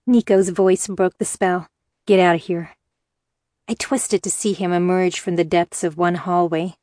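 A woman reading a first-person novel aloud in measured, steady audiobook narration. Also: lowish voice, dry recording, studio quality.

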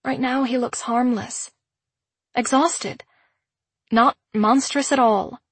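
A woman narrating a first-person audiobook in a measured, introspective way. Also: fairly high pitch, steady tone, husky, no echo.

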